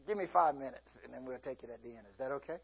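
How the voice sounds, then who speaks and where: A man's voice: mid-range voice, very fast, creaky, breathy edge, lo-fi sound. A man preaching a sermon as pastor, folksy and often laughing as he acts out everyday scenes.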